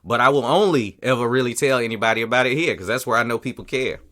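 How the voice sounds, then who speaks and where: A man's voice: medium pitch, quick pace, pushed and bright. A man hosting a podcast, telling a story in casual, profane chat and acting out other people's lines. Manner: profane storytelling, acts out quotes. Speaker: podcast host.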